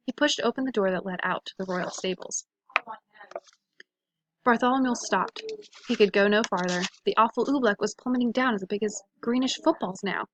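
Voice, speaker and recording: A woman's voice: mid-range voice, moderate pace, fairly bright tone, slight background noise. A woman reading a children's storybook aloud to listeners, giving each character a voice of its own.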